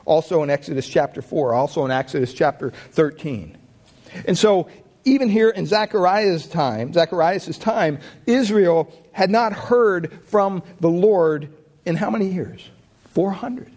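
A man preaching with a fairly high voice. He keeps putting questions to his listeners, and his pitch swings widely from low, quiet lines to bright, lifted ones as he presses each point. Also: expressive, normal speed. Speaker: pastor. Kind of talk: sermon.

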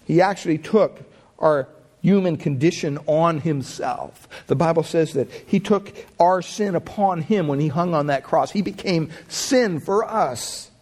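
A man preaching with a fairly high voice. He keeps putting questions to his listeners, and his pitch swings widely from low, quiet lines to bright, lifted ones as he presses each point. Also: unhurried. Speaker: pastor. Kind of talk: sermon.

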